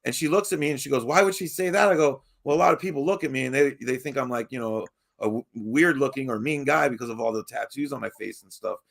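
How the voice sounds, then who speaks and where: A young man from Baltimore hosting a podcast, his voice gravelly with fry. He rambles through a story in casual chat, cursing freely, laughing often and stumbling over his restarts. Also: mid-range voice, quick pace, hardly any pauses. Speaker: podcast host.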